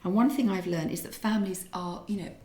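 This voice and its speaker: A woman's voice: medium pitch, fast. A middle-aged woman talks in an easy, rambling storytelling way. She often doubles back and restarts. Her voice carries the echo of a roomy kitchen. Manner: chatty, warm storytelling with restarts. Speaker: podcast co-host and author. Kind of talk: casual chat.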